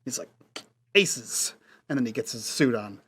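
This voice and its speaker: A man's voice: mid-range voice, fast, slightly rough. A man playing his character in a tabletop role-play, joking and rambling with many restarts. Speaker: player.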